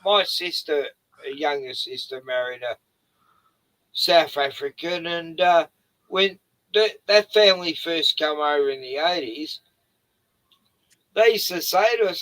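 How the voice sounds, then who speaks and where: Aussie guest, fairly high voice, blunt arguer, swears a lot. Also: male voice, a little slow, pauses often, bright, forceful tone, rough recording. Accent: Australian. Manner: blunt, argumentative, swears freely. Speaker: guest on live stream. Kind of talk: casual chat.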